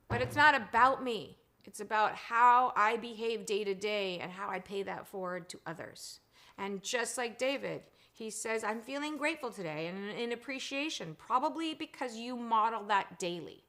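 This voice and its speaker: Woman in her forties, bright voice, chatty live stream host, reads viewer comments. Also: medium pitch. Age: 40s. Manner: wide swings between animated and hushed. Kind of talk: casual live stream chat.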